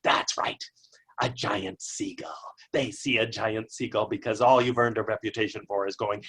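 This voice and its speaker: A man giving a motivational keynote webcast, energetic and storytelling with playful asides. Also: lowish voice, moderate pace, husky. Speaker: keynote speaker.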